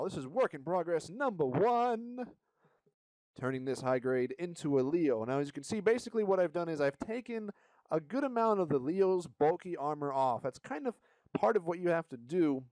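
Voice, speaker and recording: A man's voice: on the high side, lively intonation, normal speed, darkish tone, no echo. A man casually narrating his model kit build, joking around and swearing now and then. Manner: joking, swears, hollers playful asides. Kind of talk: casual hobby vlog narration.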